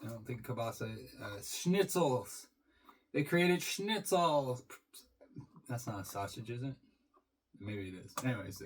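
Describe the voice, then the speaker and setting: A man's voice: medium pitch, expressive, measured pace, long pauses, a bit bright, rough recording. A man talking casually through an unboxing for his channel, rambling and swearing freely as he goes. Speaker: beer reviewer.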